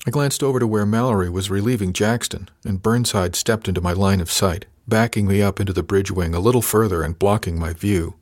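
Man, audiobook narrator, lowish voice, very dry close sound, measured reading. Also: no echo. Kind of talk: first-person novel narration.

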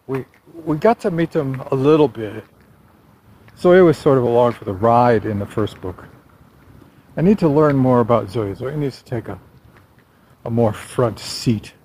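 A man's voice: mid-range voice, lively intonation, a little slow, pauses often, darkish tone, low-quality recording. A man talking through his writing plans in a casual walking vlog, rambling and correcting himself with a wry tone. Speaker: vlogger and novelist.

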